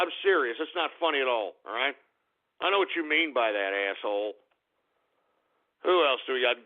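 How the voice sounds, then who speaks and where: A man hosting a live internet talk radio show, abrasive and profane, ranting at his listeners. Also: a little high. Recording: tinny phone-line sound.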